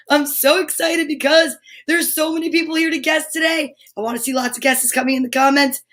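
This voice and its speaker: Bubbly high-voiced woman hosting live. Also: steady tone, a little fast, noisy background. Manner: bubbly, playful and silly; chatty, addresses viewers directly. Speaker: host of a live kids' show. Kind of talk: live-stream chat with viewers' comments.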